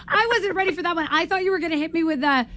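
Upbeat morning radio lady, high voice, laughs easy, faint noise behind. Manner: bubbly, affectionate, laughs easily. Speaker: radio morning show host. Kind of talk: casual radio chat.

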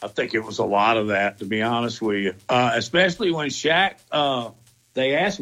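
A man hosting a sports talk radio show, easygoing and quick to laugh. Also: medium pitch, sharp tone.

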